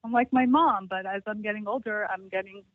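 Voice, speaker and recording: A woman's voice: mid-range voice, steady tone, a little fast, no echo. Woman in her thirties, frustrated caller, tinny phone line, dry sound. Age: 30s. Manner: frustrated, defensive. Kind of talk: call-in advice conversation.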